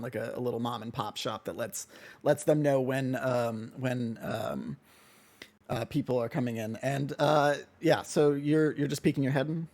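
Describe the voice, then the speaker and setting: A game master narrating a tabletop game session with a hesitant, rambling manner, speaking into a desk microphone. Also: mid-range voice. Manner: hesitant, lots of fillers and restarts.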